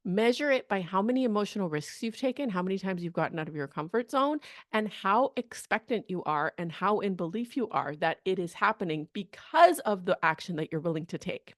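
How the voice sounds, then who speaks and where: A woman career coach talking in a podcast monologue, energetic and chatty, often asking "okay?" and "right?". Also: fairly low pitch, fairly quick, dry recording, clean studio sound. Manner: energetic, chatty, acts out quoted people, frequent "okay?" and "right?".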